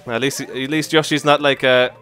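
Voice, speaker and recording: A man giving casual commentary over his own gameplay, excitable, often exclaiming and laughing at his mishaps. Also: medium pitch, a little fast, faint music behind. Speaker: let's play commentator.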